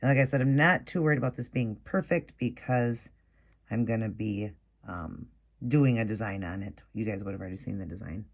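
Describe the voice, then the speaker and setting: Guy with a gravelly voice talking thru a nail tutorial, chatty, says sorry a lot. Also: lowish voice. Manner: chatty, explains while working, quick apologies. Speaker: nail art tutorial host. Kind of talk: casual step-by-step tutorial.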